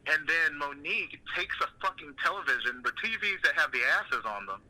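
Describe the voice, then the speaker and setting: A man's voice: a little high, lively intonation, a little fast, pushed and bright, rough recording. A man hosting a podcast in casual chat, rambling with many fillers and laughing as he tells stories. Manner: rambling, full of "like" and restarts, laughing. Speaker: podcast host.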